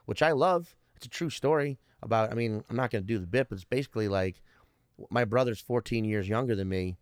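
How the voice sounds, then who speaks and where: A man's voice: fairly low pitch, a little fast, smooth, no room sound, studio quality. Profane, rambling man in his thirties. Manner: profane, rambling, restarts often. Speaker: stand-up comedian guest. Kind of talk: casual podcast storytelling.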